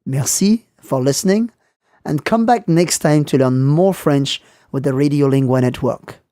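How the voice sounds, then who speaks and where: Male language teacher, mellow and dry, clear slow delivery for learners. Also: a little high, no room sound. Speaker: French teacher. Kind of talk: scripted lesson narration.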